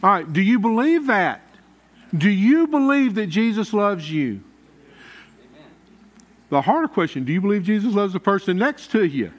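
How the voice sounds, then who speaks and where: A man's voice: high voice, sing-song, moderate pace, long pauses. A man preaching a sermon as pastor, in a folksy, conversational way.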